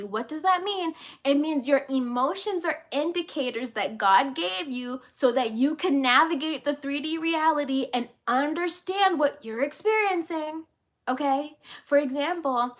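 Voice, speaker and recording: High-voiced woman coach, emphatic and repetitive. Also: a bit bright. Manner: emphatic and repetitive, casual with swearing. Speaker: life and business coach. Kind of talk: motivational vlog talk.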